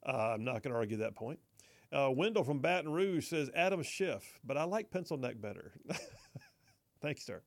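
A man's voice: medium pitch, big pitch swings, moderate pace. A man hosting a talk radio show, chatting wryly, reading listener texts and laughing along. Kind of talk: casual talk radio commentary.

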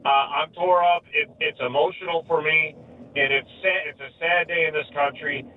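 A man calling in to a talk radio show, emotional, rambling and halting as he speaks. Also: fairly high pitch, steady tone, slight background noise. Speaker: caller. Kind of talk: emotional phone-in call. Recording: tinny distant phone line.

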